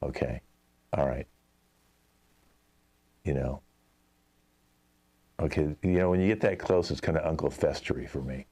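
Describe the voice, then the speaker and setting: A man's voice: a bass voice, measured pace, creaky, pauses often, mellow, breathy edge. A man hosting a live improv show, playing an exasperated commercial director who talks at length with many fillers. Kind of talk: improv comedy scene.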